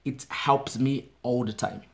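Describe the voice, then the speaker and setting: A man's voice: medium pitch, a little slow, gravelly. A Brazilian man in his thirties, with a Brazilian Portuguese accent, chattily explaining English words in a casual video diary and often checking in with "okay?". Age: 30s. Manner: chatty, self-deprecating, frequent "okay?" checks. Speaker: English learner vlogger.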